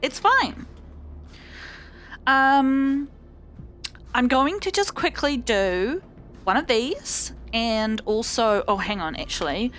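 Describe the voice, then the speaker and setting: A woman casually chatting and rambling as she hosts a let's play video, with animated swings in her voice. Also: a little high, takes it slowly, pauses often, faint music behind. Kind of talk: casual gameplay commentary.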